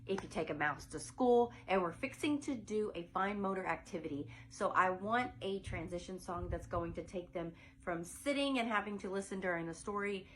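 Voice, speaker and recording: A woman's voice: lowish voice, a little hiss or hum, rough recording. A middle-aged woman, a preschool teacher explaining a finger song and singing it in playful, changing voices. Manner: playful, changes her voice for silly sung characters.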